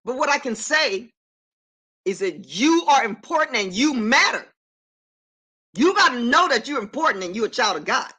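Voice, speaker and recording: A woman's voice: a little high, sing-song, normal speed, long pauses, pushed and bright, slightly rough. A middle-aged woman on a casual live stream from her apartment, talking emphatically and affirming herself while greeting viewers by name.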